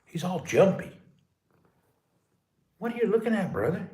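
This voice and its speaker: A man live streaming casually from his dark house during a power cut, talking to viewers and calling out high and loud to his pet. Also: sing-song, normal speed. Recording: echoey room.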